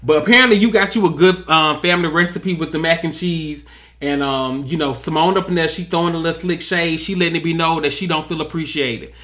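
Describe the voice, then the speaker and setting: A man's voice: on the high side, brisk, pushed and bright. A man giving sassy, drawling comedic recap commentary on a reality TV episode. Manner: sassy, drawling, mimics cast members in quotes.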